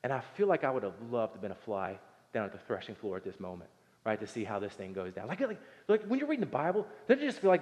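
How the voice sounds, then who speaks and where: A man's voice: mid-range voice, sing-song, fairly quick, a little mellow, lo-fi sound. A man in his thirties preaching a casual, conversational sermon, acting out voices from the story and talking with his congregation. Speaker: pastor. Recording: long hall reverb.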